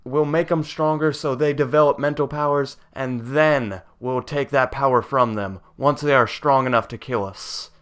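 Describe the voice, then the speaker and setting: A man's voice: mid-range voice, steady tone, normal speed, hardly any pauses, fairly bright tone, lightly acted. A man voicing a scheming, grandiose male alien overlord with pompous, villainous gloating.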